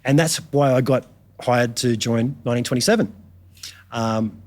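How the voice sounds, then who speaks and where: A man's voice: mid-range voice, normal speed, a little mellow. A man with an Australian accent, a guitarist guest telling stories in a casual podcast chat, laid-back and slangy with many ums and restarts.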